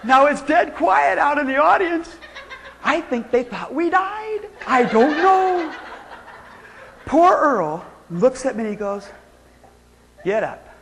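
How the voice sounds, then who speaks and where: A woman on a stage telling a playful, animated story as a motivational speaker. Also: slow pace, a little hiss or hum. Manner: animated, playful, big swoops of pitch. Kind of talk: storytelling keynote speech. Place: stage in a spotlight.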